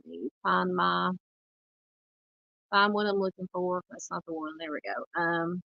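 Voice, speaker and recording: A woman in her forties with a Southern US accent, hosting a true crime livestream and chatting loosely with viewers, halting and full of fillers. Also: on the low side, creaky, no echo, dull audio. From United States. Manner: rambling, halting, lots of fillers while searching the screen. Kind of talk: casual livestream chat reading comments.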